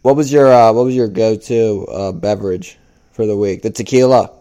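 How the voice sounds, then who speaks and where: Laid-back low-voiced young man asking questions. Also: normal speed, dark tone, smooth. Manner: laid-back, swears, says "dude". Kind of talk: casual chat.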